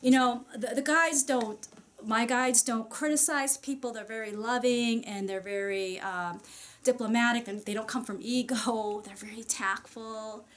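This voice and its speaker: A woman's voice: a little high, steady tone, unhurried. A woman channeler speaking to an audience in a casual, chatty way, full of fillers and small laughs. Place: society meeting room.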